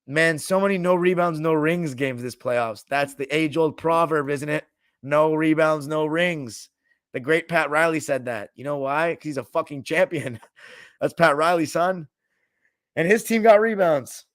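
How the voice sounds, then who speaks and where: A man's voice: on the high side, measured pace, dry recording, studio quality. A man hosting a sports podcast, chatting loosely and joking with his live chat, swearing freely and now and then mimicking coaches. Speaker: podcast host. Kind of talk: casual sports talk, reading live chat.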